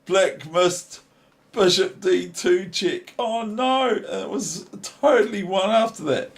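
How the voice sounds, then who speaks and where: A man's voice: high voice, takes it slowly, vocal fry. A man with a New Zealand accent casually commenting on a chess game as a teacher, delighted and laughing often between remarks.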